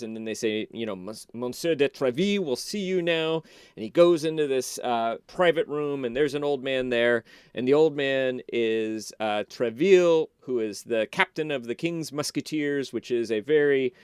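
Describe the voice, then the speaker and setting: A man as a podcast guest, casually retelling a film in an animated, loose way with many restarts. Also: medium pitch, clear, resonant tone, no echo, studio quality.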